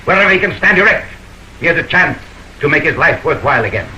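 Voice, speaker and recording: A stern, stirring Legion captain. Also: male voice, a little high, lively intonation, fast talker, bright, forceful tone, slight background noise, poor audio. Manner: declamatory, stirring speech. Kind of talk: early sound film acting.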